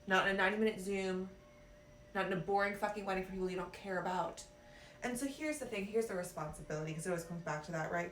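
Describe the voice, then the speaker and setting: A woman life coach with a mid-range voice gives a brash, profane motivational talk over a live stream, addressing her listeners as cuties. She sounds a little off-mic in a roomy space, with faint ambience and a bit of hiss or hum.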